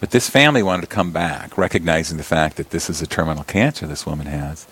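A man's voice: very deep voice, fast, a bit bright, breathy edge. A man from South Dakota, a deacon, chatting casually in a radio studio interview, rambling with many restarts. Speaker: deacon and abbey representative. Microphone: studio mic with headphones.

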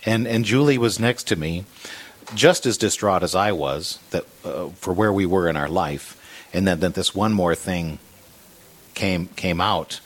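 A man with a deep, husky voice recounts a hard time in his life in a faith-centered conversation. His telling is earnest and halting, full of small restarts as he gathers his thoughts. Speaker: guest sharing a personal story.

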